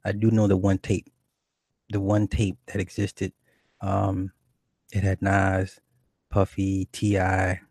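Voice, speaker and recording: A man's voice: low-pitched, monotone, takes it slowly, long pauses, a little mellow, husky, dry recording, clean studio sound. A man hosting a livestream, chatting casually and in a rambling, profane way, reading viewers' comments aloud. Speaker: livestream host.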